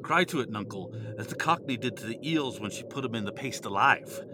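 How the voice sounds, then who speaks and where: A sly court jester , played by a man, teases in sing-song rhymes, his voice sitting at an ordinary middle pitch. A clear hiss runs under the recording. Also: expressive, fairly quick, natural voice. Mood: mocking.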